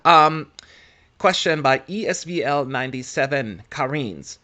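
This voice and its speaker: A man's voice: medium pitch, expressive, measured pace, pushed and bright. A man co-hosting a live stream, chatting casually, joking and reading out viewer questions. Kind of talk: casual chat.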